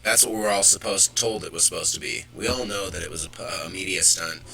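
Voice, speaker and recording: A man's voice: low voice, brisk, vocal fry, pushed and bright, breathy edge, poor audio. A man hosting a live show, ranting with profanity and irritation about the news. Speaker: host. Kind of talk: live political commentary.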